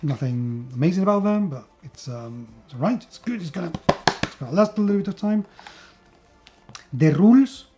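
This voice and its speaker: A man's voice: high-pitched, lively intonation, normal speed, music in the background. A man from Spain with a Spanish accent, chatting enthusiastically through a board game unboxing with plenty of fillers and restarts. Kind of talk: casual unboxing video.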